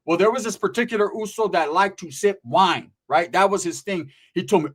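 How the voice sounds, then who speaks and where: This storyteller runs a channel and talks casually about prison, swearing in blunt street slang and often asking "right?" along the way. He speaks fairly quickly in a voice that sits high.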